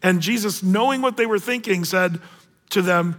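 A man preaching a sermon as pastor, animated and acting out the voices of the people in the story. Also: sits high, normal speed, long reverb tail.

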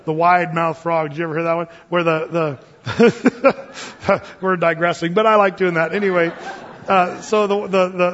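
High-voiced joking pastor in a hall. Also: male voice. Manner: casual, joking, digressive, lively storytelling. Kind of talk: sermon, verse-by-verse Bible teaching. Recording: dull sound with long reverb.

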